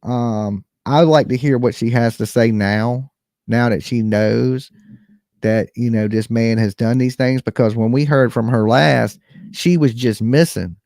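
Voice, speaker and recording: A man's voice: medium pitch, fairly even intonation, a little slow, darkish tone, no room sound, studio quality. A man hosting a live stream, giving casual, chatty commentary straight to his viewers. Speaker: livestream host reacting to a recording.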